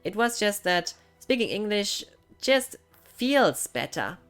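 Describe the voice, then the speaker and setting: A woman's voice: mid-range voice, sing-song, slow, faint music behind. A young woman with a German accent, a non-native English speaker, rambling casually as she chats on a live gaming stream. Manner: rambling, thinking aloud.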